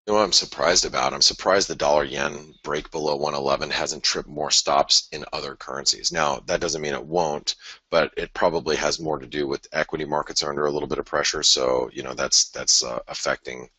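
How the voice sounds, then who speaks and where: Very deep husky man talking charts. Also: steady tone, fairly quick, sharp tone, dry recording. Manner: conversational, thinking aloud with restarts and sighs. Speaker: forex market analyst host. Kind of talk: live trading chart analysis.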